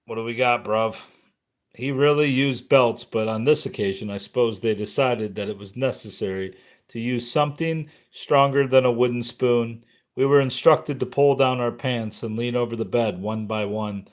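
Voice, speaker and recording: A man narrating a memoir audiobook in a somber, measured way. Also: mid-range voice.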